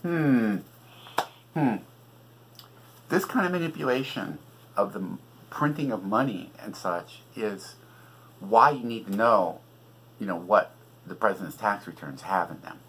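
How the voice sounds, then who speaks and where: A man's voice: on the low side, lively intonation, measured pace, long pauses, a bit bright, husky, poor audio. A middle-aged man from California hosting a podcast, delivering an agitated, profane political rant with sarcastic asides. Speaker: podcast host and author. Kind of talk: ranting political monologue.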